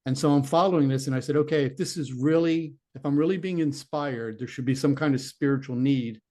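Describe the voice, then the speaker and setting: Man, middle-aged, earnest storyteller, rambling, restarts sentences, ordinary pitch, interview guest. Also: a little fast, warm tone. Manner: earnest, rambling anecdote with restarts and voiced inner dialogue. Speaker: interview guest, former police detective turned psychic medium. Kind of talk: conversational storytelling.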